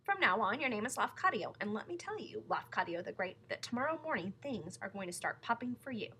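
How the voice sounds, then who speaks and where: Storybook circus boss, male, grand and self-pleased; a woman reads him, bright tone. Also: mid-range voice, very animated, fairly quick, slight background noise. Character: boastful showman male circus owner.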